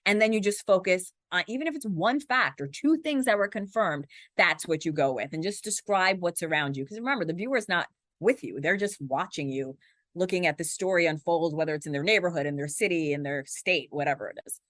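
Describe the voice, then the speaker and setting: A woman news anchor in her forties, talking fast and animated as an interview guest, acting out little quotes. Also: fairly low pitch, no echo, studio quality. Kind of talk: conversational interview.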